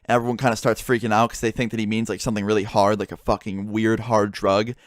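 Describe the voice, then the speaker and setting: A young man rattles through a story at a quick clip, in a voice of middling pitch that sits close and dry on the mic. He swears freely and slips into the voices of his friends as he retells it. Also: dry recording. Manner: swearing, animated retelling with quoted dialogue. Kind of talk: casual storytelling.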